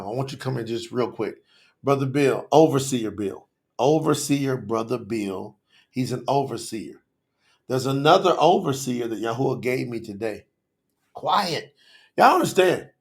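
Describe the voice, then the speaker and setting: With a mid-range voice marked by vocal fry, a man hosts a live online telethon. His talk is casual and passionate, aimed straight at viewers in slang.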